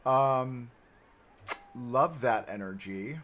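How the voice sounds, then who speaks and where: A man's voice: mid-range voice, very slow, fairly bright tone, slight background noise. A young man chatting to himself and his viewers as he builds in a live game stream. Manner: chatty, self-talking while building. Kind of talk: live gameplay commentary.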